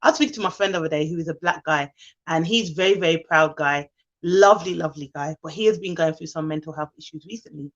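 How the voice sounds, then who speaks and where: A woman's voice: low-pitched, fast, fairly bright tone, dull audio. A woman hosting a live stream, talking candidly and from the heart to her viewers and reading out their comments. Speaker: livestream host. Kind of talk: casual live chat to viewers.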